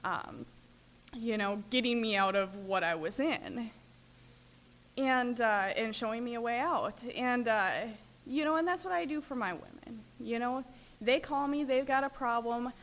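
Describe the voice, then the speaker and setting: Chatty higher-voiced woman sharing her recovery. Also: animated, a little slow, fairly bright tone. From Minnesota, USA. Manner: chatty storyteller, many fillers. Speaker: AA workshop speaker and sponsor. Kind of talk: recovery talk, personal sharing.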